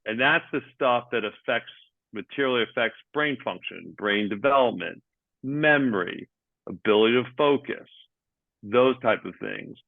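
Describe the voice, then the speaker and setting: A man's voice: mid-range voice, normal speed, creaky, no room sound, narrow, tinny audio. A man, a sports coaching manager as guest, explaining step by step with many hesitant ums. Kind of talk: explanatory interview answers.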